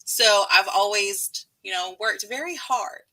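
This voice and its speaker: Bubbly bright-voiced woman with light Southern accent. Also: mid-range voice, measured pace, poor audio. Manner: bubbly, laughs often. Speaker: writing live-stream host. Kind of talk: casual live-stream chat.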